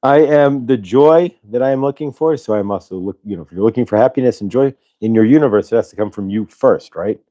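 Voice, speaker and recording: A man's voice: medium pitch, brisk, hardly any pauses, no echo. A man hosting a casual spiritual livestream, talking loosely and reading out viewers' chat messages. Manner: relaxed, rambling, reads chat aloud. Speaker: host.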